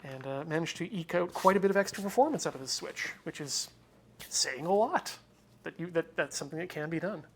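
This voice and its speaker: Fairly quick and expressive, a man with a slightly high voice chats jokingly on his stream while working on a hardware repair, rambling and slipping into mutters as he concentrates. A little hiss or hum sits in the audio.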